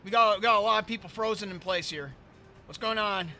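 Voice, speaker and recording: A hoarse man losing his voice, ranting in casual let's-play commentary and reading chat aloud. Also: high voice, brisk, pushed and bright, soft background music. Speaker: gaming streamer.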